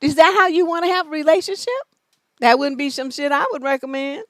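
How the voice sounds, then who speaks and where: A middle-aged woman answers relationship questions in a blunt, scolding way, swearing freely as she drives her points home. Her voice sits high, and the sound is dry and close with no room echo. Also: steady tone, fairly quick. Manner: profane, scolding and emphatic. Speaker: relationship advice host. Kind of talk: blunt live advice show.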